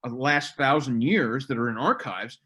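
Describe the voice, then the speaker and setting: A middle-aged man, a military historian, talking in a casual podcast conversation with animated delivery and mocking asides. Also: medium pitch, normal speed, husky. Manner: animated, mocking impressions of others.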